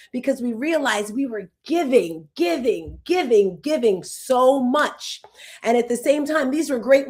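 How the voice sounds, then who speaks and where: A woman in her fifties hosts a casual talk, her medium-pitched voice a little mellow. She rambles emotionally, jumps quickly between tangents, and is at times close to tears.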